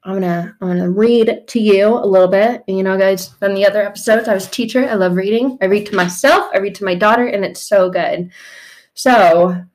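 A woman's voice: medium pitch, fairly quick. A woman hosting a faith podcast, talking casually and bluntly, swearing freely and laughing often. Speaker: podcast host.

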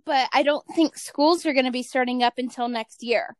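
A woman's voice: high-pitched, moderate pace, no room sound. A woman in her thirties hosting a podcast in a casual, chatty way, saying "like" often and laughing easily. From East Coast / Midwest United States. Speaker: podcast host. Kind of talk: casual chat.

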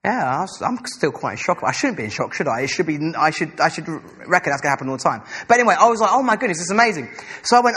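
A young man preaching a sermon, telling a story with animated, acted-out dialogue. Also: on the high side, quick pace, husky.

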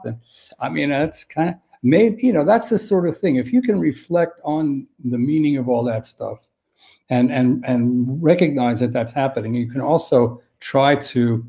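An older man sharing caregiving advice on dementia in a thoughtful, halting way with frequent restarts. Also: medium pitch, lively intonation, dark tone. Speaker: dementia care expert guest. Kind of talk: conversational advice on a live stream.

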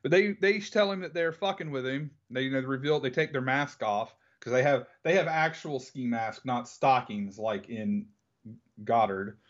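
A man's voice: medium pitch, normal speed, highs cut off. A man co-hosting a casual film podcast, retelling scenes and acting out lines. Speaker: podcast co-host.

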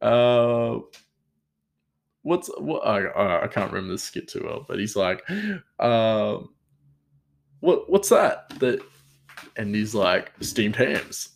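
A man's voice: fairly low pitch, takes it slowly, gravelly, long pauses. A young man casually telling a story from his kitchen job, laughing often and acting out the people he quotes. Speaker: cook telling a work story.

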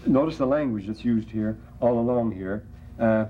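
A man's voice: medium pitch, moderate pace, dark tone. A man giving a classroom lecture on scripture, reading passages aloud and breaking off into asides and restarts. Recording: dull lo-fi classroom recording with faint hiss.

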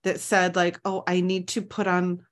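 A woman's voice: on the low side, flat delivery, moderate pace. Earnest heartfelt woman podcast host. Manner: earnest and heartfelt, many "like" fillers. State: tearful. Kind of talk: casual chat.

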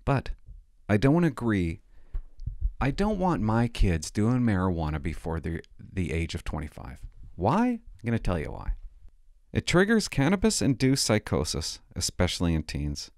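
A middle-aged man doing stand-up comedy, sarcastic and mock-outraged, swinging between loud outbursts and muttered asides. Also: fairly low pitch, wildly swooping pitch, normal speed, no room sound, clean studio sound. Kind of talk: stand-up comedy with ironic reading.

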